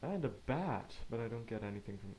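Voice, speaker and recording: A man giving casual let's play commentary, rambling and talking to himself with quick asides. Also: fairly low pitch, lively intonation, noisy background. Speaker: gamer narrating gameplay.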